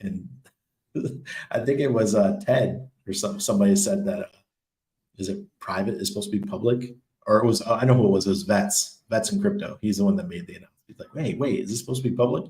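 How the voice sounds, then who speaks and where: A man's voice: fairly low pitch, fairly quick, mellow. A man hosting a casual crypto livestream, reading viewer comments and answering in a loose, chatty way with lots of ums and laughs. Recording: echoey room.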